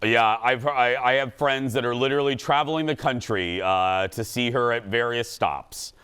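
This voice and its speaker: A man's voice: medium pitch, clear, resonant tone. A man hosting a talk show, chatting and joking with his co-host. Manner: animated, jokey, quick to laugh. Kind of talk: lively studio chat.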